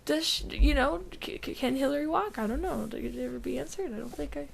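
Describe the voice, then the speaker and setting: A woman's voice: sits high, fairly quick, vocal fry, a crowd in the background. A young woman co-hosting a casual gaming podcast, rambling with lots of fillers and giggles. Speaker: podcast co-host.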